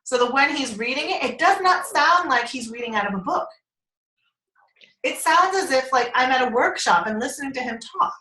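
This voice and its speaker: A woman's voice: high voice, lively intonation, moderate pace, sharp tone. A woman chatting casually on a group call, rambling, laughing often and swearing casually. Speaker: team member on a group call. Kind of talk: casual chat. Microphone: conference call line. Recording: echoey room.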